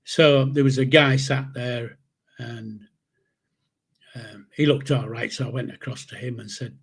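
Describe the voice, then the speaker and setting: A man's voice: mid-range voice, steady tone, a little slow, creaky, husky. A man in his seventies with a Yorkshire accent, casually telling a rambling personal story, swearing freely and restarting sentences. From Yorkshire, England. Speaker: channel host.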